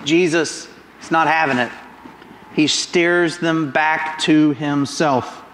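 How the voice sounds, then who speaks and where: Male pastor, sermon, animated, rhetorical questions, fairly high voice, echoey sanctuary. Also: slow pace, a little hiss or hum. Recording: roomy echoing hall.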